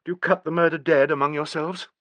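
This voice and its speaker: A man voicing a tense, brooding young woman in an audiobook, with a deep voice and falling inflection and a bitter edge. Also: fairly even intonation, quick pace, a bit bright, dry recording, natural voice. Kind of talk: audiobook character reading.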